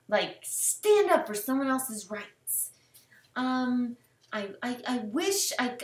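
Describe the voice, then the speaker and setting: A woman's voice: a little high, sharp tone. A woman in her forties reading her own teenage diary entries aloud, dramatic and tearful, with wry asides. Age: 40s. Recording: roomy sound from a distant mic.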